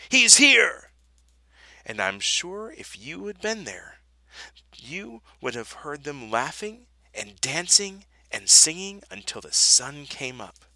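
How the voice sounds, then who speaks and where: A man reads a children's Bible story aloud, taking his time and letting his voice rise and fall widely for drama. His tone is very bright and sharp, and the recording is close and dry with no room sound. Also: mid-range voice, dry recording, poor audio. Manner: expressive, dramatic storybook delivery. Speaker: storybook reader.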